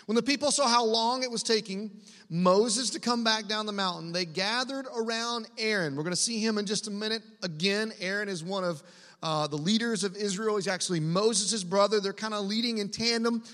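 A man preaching a sermon to a room, conversational and animated, with asides to the listeners. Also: sits high, fairly quick, in a large hall. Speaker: pastor.

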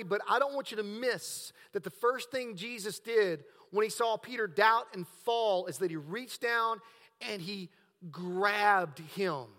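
A male pastor delivers a sermon in a high, bright voice, dropping to hushed lines and then building to emphatic, raised passages. His words ring out with a long reverb, as in a large church hall. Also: lively intonation, a little slow. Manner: preaching with swings between hushed and emphatic.

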